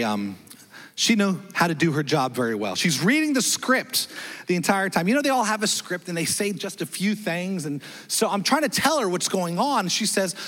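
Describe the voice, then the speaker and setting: A man pastor preaching a sermon in a church, telling a story with lively, self-deprecating delivery and acting out the dialogue. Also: a little high, big-room sound. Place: church sanctuary.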